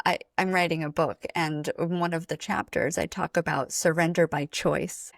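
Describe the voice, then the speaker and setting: A woman speaking slowly, with a low voice. She is a spiritual coach talking as a podcast guest, gentle and measured. Her voice is recorded dry and close, with no room echo. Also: gravelly. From Atlanta, USA. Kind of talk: reflective interview talk.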